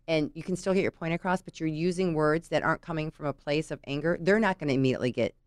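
A woman's voice: deep voice, fast, clean tone, no echo, clean studio sound. A middle-aged woman in casual conversation, talking through work stories and often checking in with "right?". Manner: chatty, tells anecdotes, frequent "you know" and "right?". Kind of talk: casual chat.

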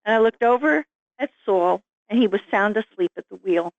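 A middle-aged woman, an author guest, telling her story in an animated, vivid way. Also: medium pitch, normal speed, no echo. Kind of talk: storytelling interview. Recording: dull lo-fi sound, dry.

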